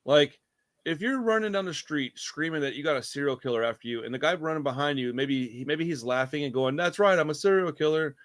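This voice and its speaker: A man talking casually about a movie. He is animated, swears freely and laughs often. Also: medium pitch, a little fast. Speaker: podcast co-host.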